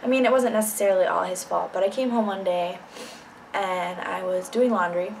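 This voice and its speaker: A woman's voice: mid-range voice, fairly even intonation, a little fast, gravelly, a little hiss or hum, poor audio. A young woman telling a personal story in a casual vlog, blunt and candid, swearing freely. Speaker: vlogger.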